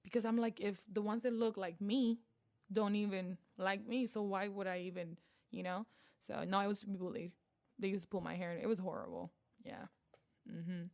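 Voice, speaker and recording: A woman from Panama with a Panamanian Spanish accent, a guest telling her story in a casual interview, animated and acting out the voices of people she quotes. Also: mid-range voice, moderate pace. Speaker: guest, beauty vlogger.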